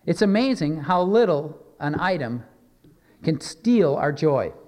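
A man preaching a sermon as pastor, earnest and measured, slowing down for emphatic scripture readings. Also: fairly high pitch, big pitch swings, a little mellow, in a large hall.

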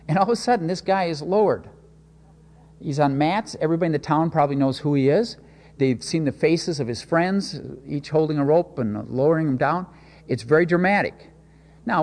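A man preaching a sermon, telling a scripture story with dramatic swings between loud and soft. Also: a little high, normal speed. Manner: expressive storytelling with sudden swings in loudness. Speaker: pastor. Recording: long hall reverb.

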